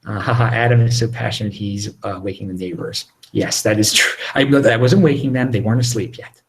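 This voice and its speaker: Speaking almost in a whisper, a man answers viewer questions he reads aloud during a casual live stream from his apartment. He's lively and keeps talking over himself, jumping back in with fast restarts.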